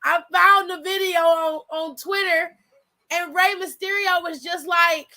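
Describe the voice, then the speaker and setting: Bright high-voiced woman ranting. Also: steady tone, unhurried. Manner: heated, blunt, heavy cursing. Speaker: wrestling reaction vlogger. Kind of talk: profane reaction rant.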